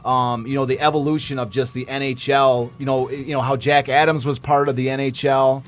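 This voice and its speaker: Fast-talking eager man. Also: mid-range voice, level tone. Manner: fast, eager, with frequent "you know" fillers. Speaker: author and guest. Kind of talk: casual chat.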